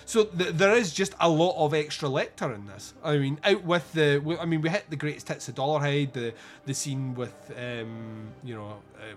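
Rambling, sweary man. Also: fairly high pitch. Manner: rambling, sweary, lots of restarts and fillers. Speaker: podcast co-host. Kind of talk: casual film review chat.

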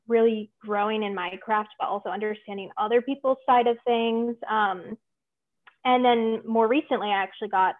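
A young woman, a tarot reader and witch, talking earnestly as a guest in a casual interview, with many fillers. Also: mid-range voice. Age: young adult. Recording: tinny phone-like remote line.

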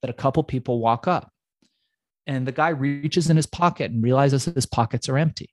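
Man from iran, middle-aged, guest on an interview, lively storyteller, voice in the middle range, dry close sound. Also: mid-range voice, moderate pace, no room sound. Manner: animated storyteller who acts out the people in his stories. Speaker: podcast guest, entrepreneur.

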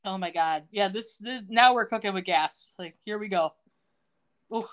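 A woman's voice: mid-range voice, normal speed, fairly bright tone. A woman co-hosting a podcast, recapping a TV episode in casual chat, laughing often and quoting the characters. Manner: laughs often, retells scenes in quoted voices. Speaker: podcast co-host.

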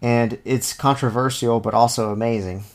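A man leading an informal Bible study, reading passages aloud and then explaining them in a relaxed, conversational way, often thinking out loud. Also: mid-range voice, moderate pace. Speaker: Bible teacher.

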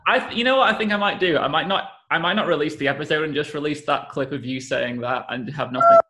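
A man's voice: a little high, huge pitch swings, quick pace, bright, forceful tone, slight background noise. A man hosting a podcast, interviewing his guest in a friendly, curious way. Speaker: podcast host.

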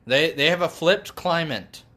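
A man co-hosting a casual podcast, laid-back and joking, often halting mid-sentence. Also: fairly high pitch, pushed and bright. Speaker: podcast co-host.

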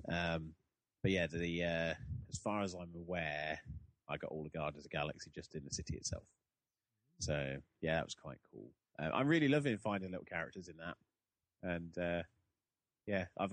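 A young man talks through a casual podcast chat, rambling and poking fun at himself. His voice sits low and is recorded close on a very dry mic with no room sound. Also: no echo. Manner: chatty, rambling, self-deprecating. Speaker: podcast host.

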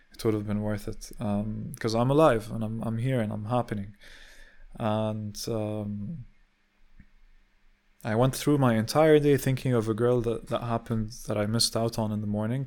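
A young man casually telling a personal story, rambling with many fillers and restarts and casual swearing. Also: fairly low pitch. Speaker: vlogger.

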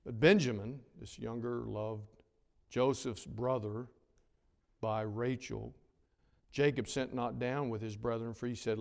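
A man preaching a sermon, swinging between loud emphatic lines and hushed, drawn-out words. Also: mid-range voice, steady tone, gravelly. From North Carolina. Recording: long reverb of a large hall.

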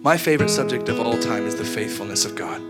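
A man's voice: medium pitch, quick pace. A man leading worship, talking earnestly between songs and building to urgent questions. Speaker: worship leader. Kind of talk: spoken exhortation over worship music. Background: soft guitar playing.

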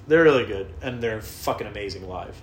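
A man's voice: fairly low pitch, lively intonation, fairly quick. A man telling a rambling, profane, self-deprecating story in a casual vlog. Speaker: vlogger. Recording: roomy with faint ambience.

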